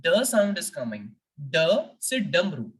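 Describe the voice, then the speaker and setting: A woman teaching a French language lesson, speaking slowly and deliberately and repeating letters for practice. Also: low-pitched, animated, far from the mic, rough recording.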